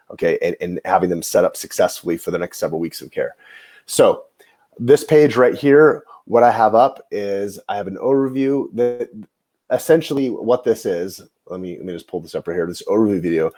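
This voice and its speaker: A man hosting a coaching show for chiropractors speaks in a deep, slightly husky voice. He talks fast and rushes ahead, explaining his clinic routine to colleagues. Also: dark tone. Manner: rushed and self-admittedly fast-talking. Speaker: chiropractor and coaching program host. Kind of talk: quick how-to talk to fellow clinicians.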